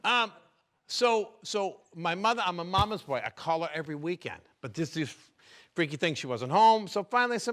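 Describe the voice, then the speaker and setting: Middle-aged guy doing standup, high bright voice, swings all over, chats up the crowd. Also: animated, a little fast. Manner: chatty, teasing the crowd. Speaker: stand-up comedian. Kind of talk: stand-up comedy set. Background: audience laughter.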